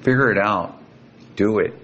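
An older man from California, a guest telling a personal story in an earnest, emotional way and slowing down for quoted speech. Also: a bit bright. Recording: dull lo-fi sound with faint rumble.

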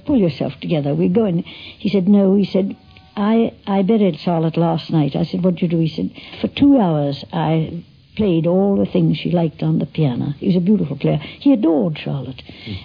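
A woman's voice: fairly low pitch, creaky, breathy edge. An older woman telling personal stories in a chatty, anecdotal way, full of asides. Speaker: interviewee recalling a late friend. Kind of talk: archival reminiscence. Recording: dull lo-fi archive recording.

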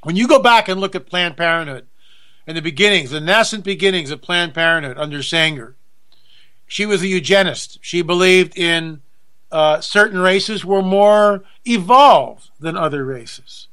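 A man's voice: high-pitched, normal speed, pushed and bright, clear, resonant tone. A male talk show host delivering an indignant, ranting monologue, repeating himself for emphasis.

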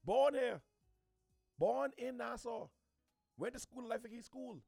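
A man from the Bahamas with a Bahamian accent, ranting to camera in an animated, preachy way, repeating his points. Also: very high voice, unhurried, gravelly, slightly rough, no echo, clean studio sound, soft background music. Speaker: social media commentator. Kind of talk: opinionated rant to camera.

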